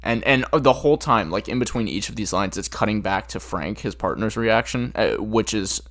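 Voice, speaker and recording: A man's voice: fairly low pitch, expressive, moderate pace, fairly bright tone. A jet-lagged man co-hosting a casual podcast, rambling and amused as he retells scenes from a bad movie with lots of restarts. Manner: rambling, amused, full of restarts and quoted lines. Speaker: podcast co-host.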